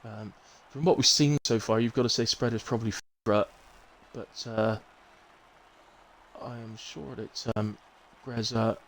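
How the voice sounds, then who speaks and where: This racing league commentary comes from a Bristolian man whose mid-range voice is steady in tone and a little slow. Live and relaxed, he chats and rambles with asides to fill the lulls, over poor audio with slight background noise.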